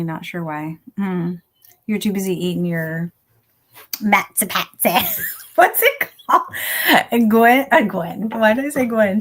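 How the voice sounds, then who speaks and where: A woman's voice: fairly low pitch, fairly bright tone. A woman chatting casually on a reading livestream, reading out viewer comments and laughing often. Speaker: livestream host reading chat.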